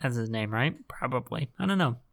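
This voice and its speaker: A man co-hosting a casual podcast about movies, talking haltingly and often stopping to search for words. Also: medium pitch, expressive, vocal fry, a bit bright. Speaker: podcast co-host. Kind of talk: casual movie-talk chat.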